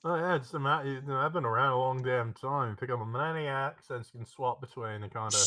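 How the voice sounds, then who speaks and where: A man's voice: medium pitch, fairly quick, sharp tone, close to an everyday voice. A man voicing a cocky, crude ranger with a put-on Cockney-Australian accent, calling everyone mate. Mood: breezy. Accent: put-on Cockney-Australian mix. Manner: swaggering, calls everyone mate. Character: old adult male ranger, cocky and crude.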